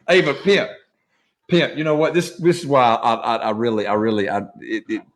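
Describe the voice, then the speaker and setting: A man's voice: mid-range voice, animated, moderate pace. A man hosting a casual chat, telling loose, profane stories and acting out phone calls. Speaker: host.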